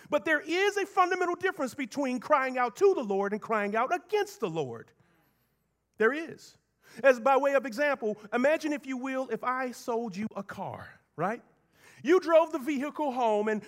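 Male pastor, sermon, high voice, soft asides then raised emphatic lines. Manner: preaching with wide swings between soft low asides and raised emphatic lines.

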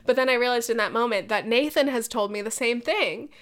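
A woman's voice: a little high, a little fast. A young woman hosting a solo podcast, chatting casually with lots of fillers, swearing and laughing often. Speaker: podcast host.

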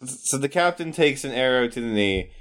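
A man narrating as game master in a tabletop game, pausing often. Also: medium pitch, expressive, a bit bright. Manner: halting, many fillers.

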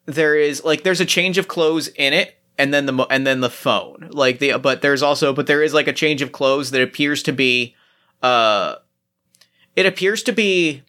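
A man narrating as game master, talking in halting bursts full of restarts and fillers. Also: a little high, pushed and bright.

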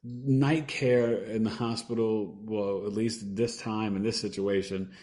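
Lower-voiced man telling a personal story. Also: steady tone, a little slow, mellow. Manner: earnest, acts out quoted dialogue, trails off and restarts. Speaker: podcast guest.

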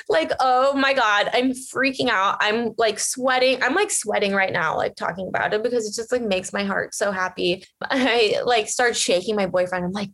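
A young woman talks straight to her viewers in a casual, gushing rush, with fillers in nearly every phrase. Her voice sits at an ordinary middle pitch for a woman. She sounds like a vlogger telling a personal story. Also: a bit bright. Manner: chatty, fast and gushing, many fillers. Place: lives in Los Angeles area.

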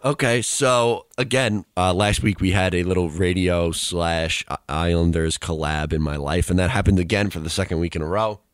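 A man's voice: deep voice, steady tone, normal speed, hardly any pauses, smooth, no echo, clean studio sound. A young man co-hosting a casual chat, rambling through an anecdote and laughing as he tells it. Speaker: co-host, student radio reporter.

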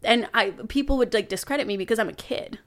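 A young adult woman, a podcast guest, telling a personal story in casual chat, animated, laughing and swearing now and then. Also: a little high, fast.

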